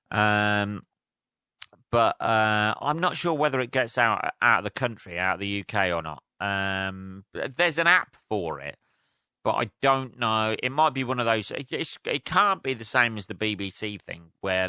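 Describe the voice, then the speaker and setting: Male podcast host, bright crisp voice, dry close mic, sweary rambling monologue. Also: fairly low pitch, no room sound. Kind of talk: casual solo podcast rant.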